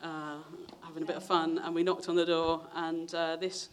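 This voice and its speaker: A young preacher shares his testimony in a sermon, telling it chattily in a completely flat voice at a moderate pace. He acts out the voices of people he quotes with big pitch jumps, and there's a little hiss or hum.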